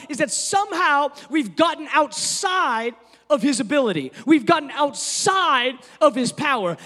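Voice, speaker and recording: A man's voice: extremely high pitch, fairly bright tone, in a large hall. A man preaching a sermon as pastor, talking conversationally and telling stories, rising at times to emphatic declarations.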